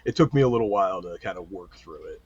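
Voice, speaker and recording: Middle-aged male guest; low, husky, lo-fi; lively storyteller. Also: fast talker, no room sound. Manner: animated storyteller, acts out quotes. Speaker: retired police chief, guest. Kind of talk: casual storytelling interview. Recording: dull lo-fi sound.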